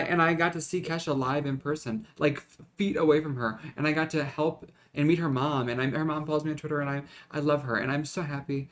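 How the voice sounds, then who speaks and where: A vlogger talking to camera in a rambling, dramatic, self-mocking way, in a casual rant. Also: medium pitch.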